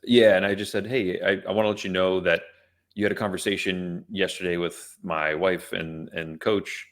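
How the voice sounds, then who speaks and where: A man's voice: low voice, steady tone, moderate pace, fairly bright tone. A man co-hosting a podcast, telling a story in casual chat with many restarts and fillers. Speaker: podcast co-host.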